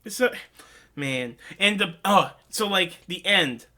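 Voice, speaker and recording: A man's voice: sits high, lively intonation, slow pace, pushed and bright. A man hosting a casual movie review vlog, rambling and earnest, with lots of "like" and openly emotional asides. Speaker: host.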